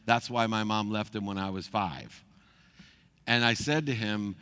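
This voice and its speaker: A middle-aged man with a fairly low voice tells a personal story as the host of his own show. He is animated and acts out the people he quotes. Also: measured pace, clean tone.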